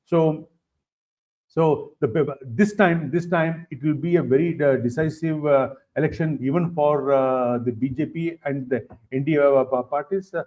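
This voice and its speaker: Halting Indian-accented man, slightly high voice. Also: steady tone. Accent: Indian English. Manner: halting, many fillers and repeated phrases. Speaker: political guest. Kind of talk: interview answers. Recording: dull lo-fi stream audio.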